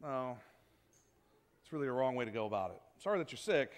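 A man pastor giving a sermon in a church, conversational and animated, acting out what people say. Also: mid-range voice, fairly quick. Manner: conversational, animated preaching with acted-out quotes.

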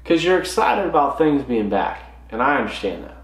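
A man from California hosting a golf podcast, telling stories in an animated, profane rant. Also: mid-range voice, normal speed, reverberant. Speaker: podcast host. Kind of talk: ranting golf podcast monologue.

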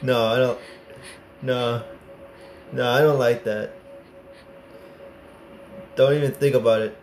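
A young man commentating a horror game as he plays, excitable and prone to sudden yelps and swearing. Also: medium pitch, slow, roomy sound, faint music behind. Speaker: gaming streamer. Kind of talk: gameplay commentary.

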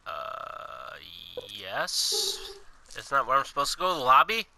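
A man's voice: mid-range voice, wildly swooping pitch, takes it slowly, gravelly, bright, forceful tone, a little hiss or hum. A young man casually commenting while he plays a video game, swearing often and joking to himself. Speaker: gaming channel host. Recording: game music playing behind.

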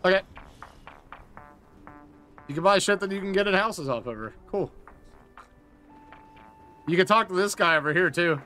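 A man hosting a casual game live-stream, excitable and quick to swear and laugh. His voice is bright and pitched a little high. It jumps around lively as he reacts. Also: faint music behind. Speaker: streamer host.

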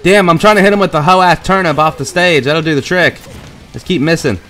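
A man giving excitable, profane gameplay commentary, trash-talking and yelling at the screen. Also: on the high side, brisk, soft background music. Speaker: gaming channel host.

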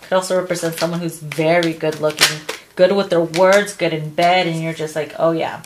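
A woman's voice: low-pitched, steady tone, moderate pace, background noise. Crude, laughing woman reading tarot. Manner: blunt and crude, laughs often, acts out quotes. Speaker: tarot reader.

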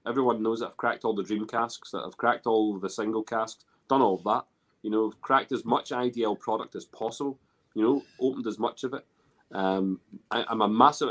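A man with a Scottish accent chatting casually on a video call, rambling with many restarts and fillers. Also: mid-range voice. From Scotland. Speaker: guest. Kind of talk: casual chat.

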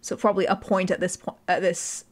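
A woman's voice: mid-range voice, little pitch movement. A woman chatting casually to viewers on a live game stream, often correcting herself mid-sentence. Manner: chatty, quick self-corrections.

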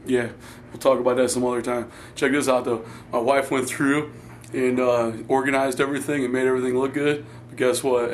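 A man's voice: medium pitch, slight background noise. A goofy, playful middle-aged man chatting casually in a home vlog, sometimes talking with his mouth full, from his computer room at home. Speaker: vlogger.

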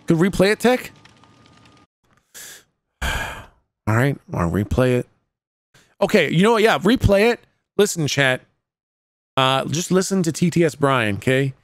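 Excitable swearing male game streamer. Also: fairly high pitch, a little slow, pauses often, no echo, clean studio sound. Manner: excitable, profane, laughs often. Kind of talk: casual livestream commentary.

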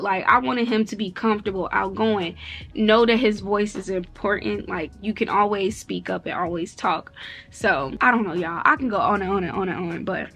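A young mother talks straight to her viewers in a loose, rambling way, full of "like" and casual slang. Her voice sits a little high and sounds bright and sharp. Soft music plays faintly underneath. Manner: rambling and chatty, heavy use of "like"; speaks with an informal, slangy dialect. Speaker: vlogger and mother. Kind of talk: casual chat to camera.

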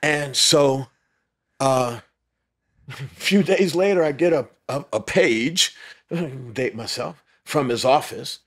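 A man telling a lively story as a podcast guest, laughing often and acting out what others said. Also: medium pitch, takes it slowly. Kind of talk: storytelling interview.

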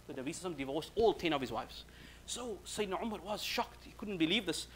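Guy giving a mosque lecture, talks fast and a bit high, acts out the stories. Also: a little hiss or hum. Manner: lively storyteller acting out quoted speech. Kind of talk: Ramadan lecture, storytelling.

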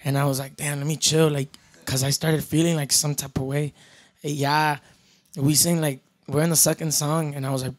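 A man's voice: mid-range voice, a little fast. A young man, telling a story in casual talk and switching between Spanish and English. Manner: mixes Spanish and English, relaxed and swearing. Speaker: podcast guest, band member.

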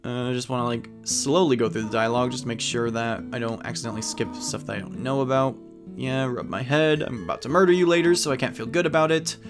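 A man talks through a video game in a relaxed, chatty way, reading bits of dialogue aloud between his comments. His voice sits at an ordinary middle pitch. Plucked guitar music plays clearly behind him. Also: fast talker. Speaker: let's play commentator. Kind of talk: casual gameplay commentary.

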